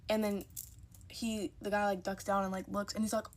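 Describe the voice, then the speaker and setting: A woman's voice: mid-range voice, flat delivery, fairly quick. Chatty young woman telling a storytime. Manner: chatty, emphatic, quotes people in her story. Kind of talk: casual storytime monologue.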